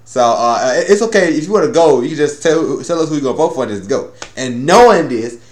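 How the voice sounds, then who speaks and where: A man rambles through an episode review, cursing as he goes and slipping into the characters' lines. His voice leaps up and down in pitch. The room around him gives off a noticeable echo. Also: animated, quick pace. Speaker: anime reviewer.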